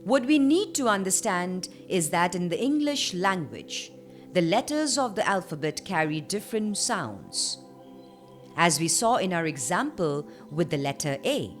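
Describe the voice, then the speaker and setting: Slow-spoken woman teaching a lesson. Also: lowish voice. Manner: clear, measured teaching delivery. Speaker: trainer. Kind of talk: scripted online lesson.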